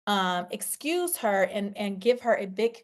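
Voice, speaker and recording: A middle-aged woman, a podcast host and coach, telling a personal story in a casual, animated way and talking straight to her listeners. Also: medium pitch, unhurried. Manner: animated, conversational, addresses listeners as y'all.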